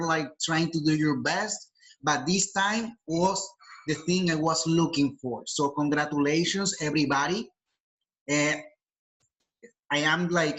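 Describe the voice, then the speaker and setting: A man's voice: fairly high pitch, a bit bright, rough recording. Hesitant male teacher on a video call. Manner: hesitant, many fillers and restarts. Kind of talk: classroom feedback on a video call.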